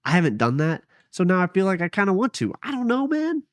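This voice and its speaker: A man's voice: high-pitched, huge pitch swings, fast, dry recording, studio quality. A young man vlogging casually from home on a headset mic, rambling and hesitant, often trailing off and poking fun at himself. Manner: rambling, hesitant, self-deprecating. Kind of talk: casual late-night vlog.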